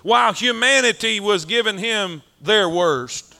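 A male preacher with a high, gravelly, sharp-toned voice gives a sermon a little slowly. His style is folksy and rhythmic, repeating lines for emphasis as his delivery rises and falls.

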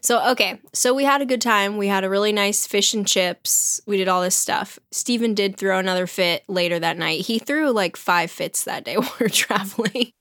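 A woman with a Southern American accent chats on a podcast, telling a story and acting out what everyone said. Her voice sounds dry and close, with no room around it. She speaks at a middle pitch. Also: normal speed, few pauses, no room sound. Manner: animated storytelling, quotes people in dialogue. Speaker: podcast co-host. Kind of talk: casual chat. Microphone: remote home microphone.

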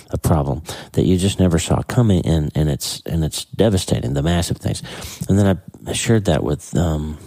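A man's voice: a bass voice, creaky, mellow, no echo. A man hosting a faith podcast, talking earnestly with many restarts, his voice cracking with emotion. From United States. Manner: earnest, halting, repeats words. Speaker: podcast host. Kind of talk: casual devotional talk.

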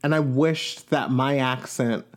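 A man's voice: mid-range voice, steady tone, slow. A man from Long Island, New York, hosting a podcast and giving a chatty, gossipy recap of a reality show with playful asides. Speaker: podcast host.

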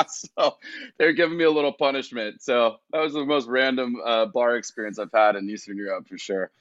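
A man telling a travel story in casual podcast chat, animated and laughing often. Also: medium pitch, normal speed, dry recording. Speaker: guest. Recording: dull, dry lo-fi sound.

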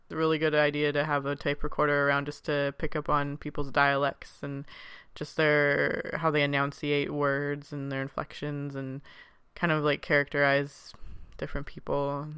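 A man's voice: on the high side, completely flat delivery, normal speed, few pauses, pushed and bright, clear, resonant tone, no echo, clean studio sound. A man chatting casually about a film, giggly and full of fillers. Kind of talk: casual chat.

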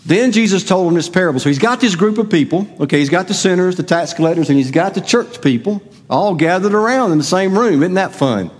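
A man's voice: high-pitched, animated, a little fast, hardly any pauses, slightly rough. A middle-aged man preaching a sermon as pastor, conversational and asking the congregation questions. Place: church sanctuary. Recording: long hall reverb.

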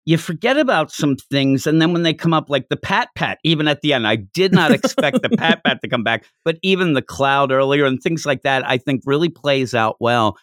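A man co-hosting a casual podcast about comics, talking with animated energy, laughing often and acting out quoted lines in a raised voice. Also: on the high side, normal speed, hardly any pauses, no room sound, studio quality. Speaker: podcast co-host. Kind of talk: casual chat reviewing manga.

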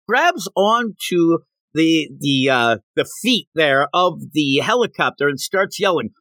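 Animated man in a casual comic book chat. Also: a little high, dry recording. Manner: animated, acts out characters' lines in quick put-on voices. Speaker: podcast co-host.

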